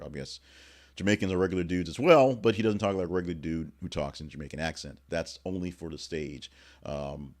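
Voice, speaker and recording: A middle-aged man hosting a casual morning news podcast, rambling offhandedly through the headlines with frequent fillers and restarts. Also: low-pitched.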